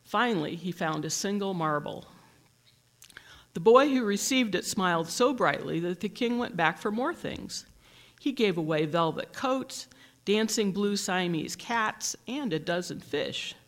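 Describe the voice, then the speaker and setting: A teacher reading a picture book aloud in a gentle, measured storytelling manner. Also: medium pitch, expressive.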